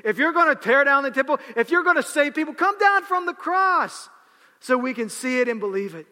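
A man preaching, voicing a mocking crowd that shouts taunts, with long hall reverb. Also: extremely high pitch, animated, fairly quick, voice pushed up, heavily acted. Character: jeering crowd of men mocking a prisoner.

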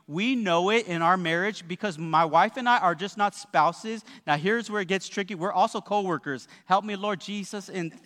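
High-voiced joking pastor in echoing hall. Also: male voice. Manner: lively, joking, call-and-response asides. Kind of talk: sermon. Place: church sanctuary. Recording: long hall reverb.

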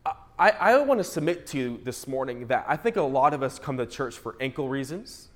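A male pastor preaching a sermon through a humorous, animated personal story, often restarting his words. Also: mid-range voice, fairly quick.

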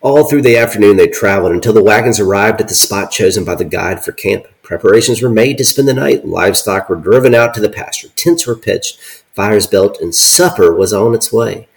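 A man co-hosting a podcast, reading an old account aloud with deadpan asides. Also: fairly low pitch, a little fast, gravelly, poor audio. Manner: deadpan, reads quotes with dry asides. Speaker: podcast co-host.

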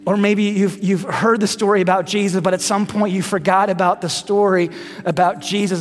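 A pastor in his thirties gives a conversational sermon in a reverberant hall, his high-sitting voice flat and moderately paced. He keeps repeating rhetorical questions to the congregation.

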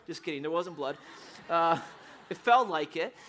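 A man who grew up in Brazil, preaching a sermon and telling a personal story in a lively, animated way. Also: on the high side, normal speed, long pauses. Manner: animated storyteller, acts out scenes with shouts. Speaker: pastor.

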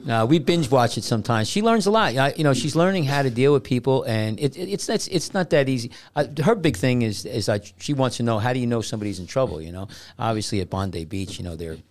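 A man co-hosting a lifeguard podcast in casual chat, relaxed and teasing, coaxing the guest along. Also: mid-range voice, quick pace, few pauses.

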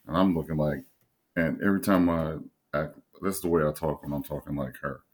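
A young man co-hosting a couples podcast, telling a story in a casual way and acting out other people's voices. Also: a little fast. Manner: animated, acts out other voices in a high pitch. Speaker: podcast co-host.

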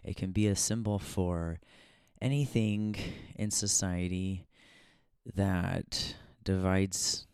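A man's voice: low voice, fairly even intonation, slow, darkish tone, smooth, no echo, studio quality. A man hosting a podcast in a casual, reflective monologue, musing aloud with many fillers and frequent laughs. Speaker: podcast host.

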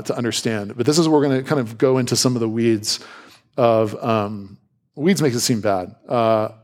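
Man preaching a casual, lively sermon. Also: a little high. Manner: conversational, animated, playful asides. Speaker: pastor.

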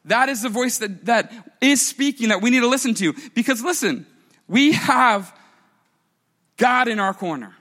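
A man preaching a sermon to a church congregation in an animated, conversational way, with playful asides. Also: very high-pitched, normal speed, long reverb tail. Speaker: pastor.

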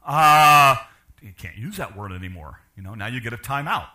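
An older man preaching a sermon, asking the congregation questions and swinging from loud to quiet. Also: mid-range voice, animated, normal speed. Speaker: pastor.

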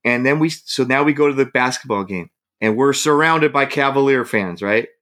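Here a guest from the San Francisco Bay Area tells a story in relaxed chat, laughing and acting out people's lines with energy. His voice sits in the mid range, and he keeps a moderate pace.

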